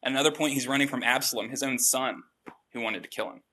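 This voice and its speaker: Bright-voiced man preaching casually. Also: medium pitch, fast. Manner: relaxed, chatty, self-deprecating with casual asides. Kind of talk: conversational sermon.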